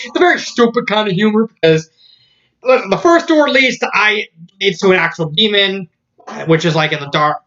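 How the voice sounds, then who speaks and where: A man's voice: high-pitched, fairly bright tone. A man casually reviewing a story, laughing often in disbelief and using many fillers. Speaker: fan fiction reviewer. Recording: dull lo-fi audio.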